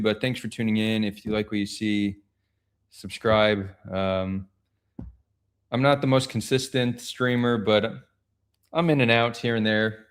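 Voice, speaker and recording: A man from Israel hosting a casual livestream discussion, with friendly, quick interjections. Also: mid-range voice. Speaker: livestream host.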